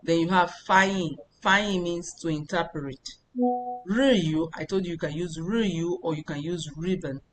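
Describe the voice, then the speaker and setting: A woman from Nigeria, teaching a language lesson as a tutor and repeating phrases slowly before explaining them step by step. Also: on the low side, a little hiss or hum, poor audio.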